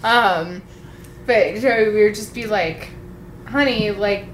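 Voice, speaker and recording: A woman's voice: medium pitch, a little slow. A woman in casual chat, talking freely with swearing and acting out quoted lines. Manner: chatty, swearing, acts out quotes. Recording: echoey room, faint noise.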